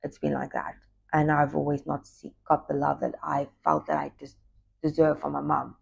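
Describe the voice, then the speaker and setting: Low gravelly woman confiding. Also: monotone, moderate pace, dull audio. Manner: confiding, reflective, trailing into soft whispers. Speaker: spiritual talk host, former yoga teacher. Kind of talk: casual personal monologue.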